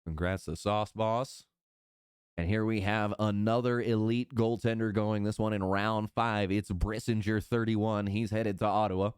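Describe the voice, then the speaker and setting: A man hosting a live-streamed draft, announcing picks in a relaxed, upbeat way. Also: fairly low pitch, a little slow, smooth, no room sound, studio quality. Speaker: draft host.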